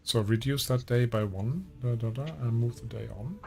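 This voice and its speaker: A man running a tabletop game as game master, giving relaxed, unhurried rulings with fillers. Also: mid-range voice, vocal fry, soft background music.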